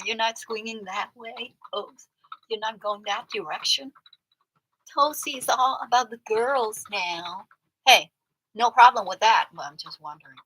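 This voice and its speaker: A woman hosting a livestream, telling a story to her chat in a chatty way that swings from loud outbursts to muttered asides. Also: mid-range voice, background noise. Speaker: livestream host. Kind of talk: casual storytelling to a live chat.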